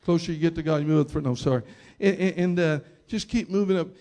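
A man's voice: fast talker, mellow. A man preaching a storytelling sermon, rambling with many restarts and repeated words, and getting emphatic at key points. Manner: emphatic, rising in pitch and volume at key moments. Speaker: pastor.

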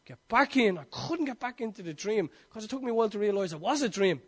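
High-voiced Irish preacher. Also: male voice, animated, fast talker. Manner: impassioned storytelling, swinging between loud and hushed. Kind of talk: sermon.

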